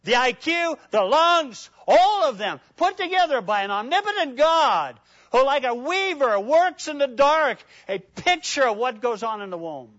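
Impassioned high-voiced man preaching. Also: sing-song, no room sound, muffled recording. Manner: impassioned, swings from loud emphatic peaks to hushed prayerful asides; reads scripture slowly and deliberately. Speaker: pastor. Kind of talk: sermon.

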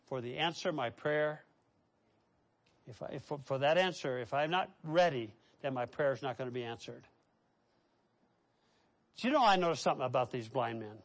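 Male preacher, high voice, emphatic lists and direct questions, swings loud to soft. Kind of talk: sermon.

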